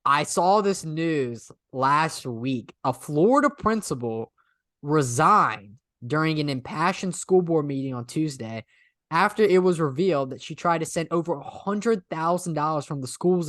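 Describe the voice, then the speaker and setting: A man co-hosting a podcast in casual chat. He is animated, laughs often and lets his sentences trail off. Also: fairly high pitch, measured pace, no echo, clean studio sound. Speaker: podcast co-host.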